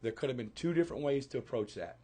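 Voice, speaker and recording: A man with a medium-pitched voice tells a story earnestly on a casual talk radio show. He acts out what the people in the story said. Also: lively intonation, fast talker, mellow.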